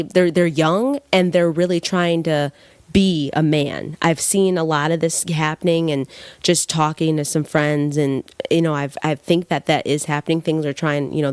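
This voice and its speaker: A woman's voice: low voice, clear, resonant tone, no room sound. Blunt, swearing young woman, dry sound. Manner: blunt, heated, swears freely. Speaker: podcast host. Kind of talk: casual monologue.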